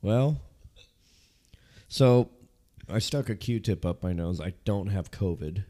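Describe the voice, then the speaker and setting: A man co-hosting a casual podcast chat, with a raspy voice from a cold and a slight lisp, laughing and joking often. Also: lowish voice, lively intonation, slow, dark tone. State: has a cold. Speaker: podcast co-host.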